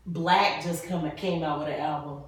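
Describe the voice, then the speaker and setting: A woman's voice: deep voice, normal speed, far from the mic. Woman, podcast co-host, casual slangy chat, very echoey room, off-mic. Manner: animated, slangy storytelling with laughs. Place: room with friends at a bar setup.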